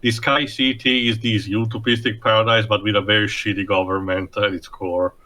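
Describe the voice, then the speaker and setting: A man's voice: fairly low pitch, little pitch movement, normal speed, bright, forceful tone. A man giving a hesitant, analytical take during casual movie commentary.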